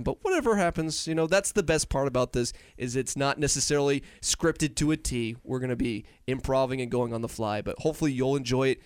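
A man's voice: medium pitch, clean tone, no room sound, clean studio sound. A young man co-hosting a casual podcast on a headset, upbeat and joking, rambling with restarts. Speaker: podcast co-host.

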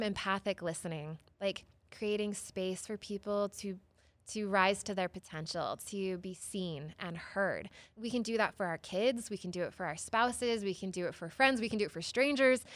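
Woman, psychotherapist guest; animated storyteller, mid-pitched, dry close mic. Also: no room sound. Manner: expressive, acts out quoted voices, many "like" and "right?". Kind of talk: storytelling in an interview.

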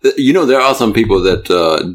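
A man's voice: medium pitch, expressive, a little fast. A man from Germany with a German accent, hosting a casual podcast chat and telling rambling stories in a stop-start way. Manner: rambling, stop-start storytelling with frequent laughs. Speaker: podcast host.

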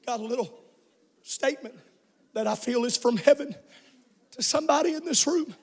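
A male pastor preaching a sermon in a church, reading scripture aloud and often shouting or singing out his lines. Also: very high-pitched, moderate pace, slightly rough. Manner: preaching with shouted, sung-out passages.

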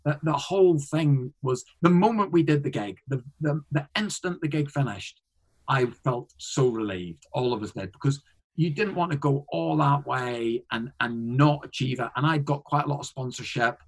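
A man's voice: medium pitch, moderate pace, low-quality recording. A man, a comedian, telling a story in a casual interview, rambling with frequent restarts and fillers. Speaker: guest, comedian.

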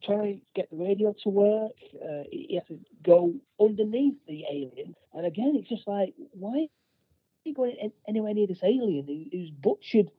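A man co-hosting a casual chat, recapping a film plot in a halting way with many restarts. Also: high voice, expressive, husky, no room sound, phone-quality sound. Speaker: podcast co-host.

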